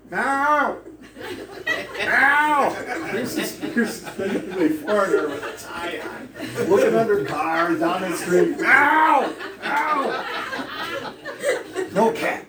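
Chuckling preacher in an echoey hall. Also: male voice, sits high, measured pace, over a noisy crowd. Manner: humorous, chuckling storyteller who digresses. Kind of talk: storytelling sermon to a congregation. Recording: echoey hall from a distance with faint room noise.

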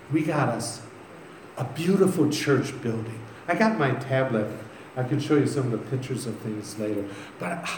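A man's voice: mid-range voice, background noise. A man preaching a sermon, reading scripture aloud and then telling stories in a loose, conversational way. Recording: echoey room with faint ambience.

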